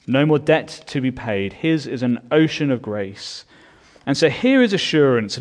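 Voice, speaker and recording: A man's voice: medium pitch, very animated, a little slow. A man preaching a sermon as pastor, earnest and building in volume on his key points.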